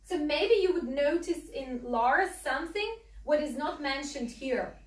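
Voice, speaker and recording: A woman's voice: high voice, animated, a little slow. A woman from Ukraine with a Ukrainian accent, a native Russian speaker, teaching a class with many fillers and frequent "okay?" checks. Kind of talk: classroom instruction. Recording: echoey room, mic far off.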